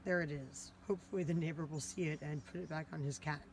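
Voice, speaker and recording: A woman's voice: sits low, fairly even intonation, fast talker, a little hiss or hum. A woman vlogging outdoors by her house, chatty and exasperated, with lots of "like" fillers as she retells her day. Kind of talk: casual vlog narration.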